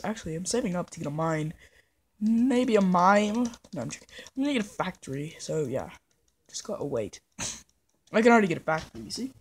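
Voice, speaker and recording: A husky young woman chatters playfully over a casual let's-play for her gaming channel, adopting a fake British persona. Her lowish, slightly mellow voice rambles, pokes fun at herself and slides into hummed nonsense, all captured on a phone.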